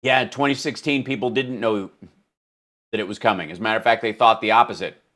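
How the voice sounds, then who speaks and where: A man's voice: fairly low pitch, brisk, sharp tone. A man hosting a live political comedy stream, joking and swearing as he rambles. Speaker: host.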